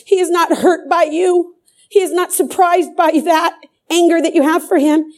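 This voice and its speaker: Fervent high-voiced woman preaching. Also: fairly even intonation, normal speed. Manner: fervent, repeats phrases for emphasis. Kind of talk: sermon.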